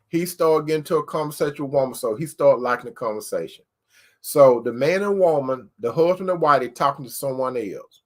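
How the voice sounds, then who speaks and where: Guy preaching casual-like, kinda high voice, keeps saying brothers and sisters, repeats himself a lot. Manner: addresses listeners as brothers and sisters, repetitive; earnest, emphatic. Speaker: host. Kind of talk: informal preaching talk.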